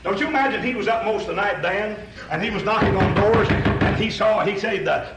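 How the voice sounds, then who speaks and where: A man's voice: high-pitched, fairly quick, echoey room, noisy background. A man preaching a sermon in a folksy, conversational way, addressing listeners directly and asking rhetorical questions.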